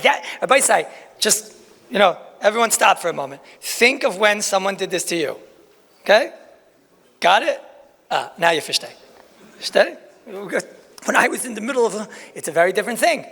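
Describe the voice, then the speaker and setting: A man with gives a Talmud lecture in an echoing hall. His voice sits high and gravelly, and he talks in an animated, folksy way full of rhetorical questions and asides. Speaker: rabbi giving a Talmud lecture. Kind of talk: lecture to a crowd.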